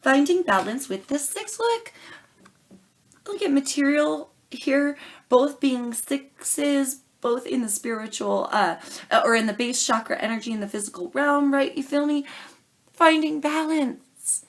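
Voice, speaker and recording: A woman's voice: high voice, animated, a little slow. A young adult woman doing a tarot reading to camera, earnest and pleading, calling her listeners darling and baby. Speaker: tarot reader.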